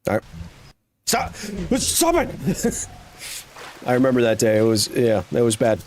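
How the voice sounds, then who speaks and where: A man's voice: lowish voice, steady tone, normal speed, a little mellow, slight background noise. A man in his thirties giving chatty, rambling live commentary while playing a game, with jokey asides to chat. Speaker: streamer.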